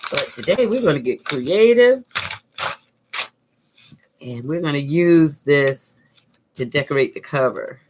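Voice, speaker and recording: A woman's voice: deep voice, expressive, unhurried, pauses often, a little mellow, slight background noise. A middle-aged woman, hosting a live craft tutorial and chatting with viewers in an upbeat way as she works at her desk. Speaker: art teacher, channel host. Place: home craft desk, indoors.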